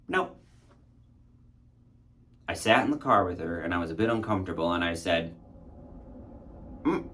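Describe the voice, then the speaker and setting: A man's voice: low-pitched, animated, normal speed, pauses often. A man casually telling a candid, reflective personal story and acting out his own past thoughts. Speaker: spiritual content creator.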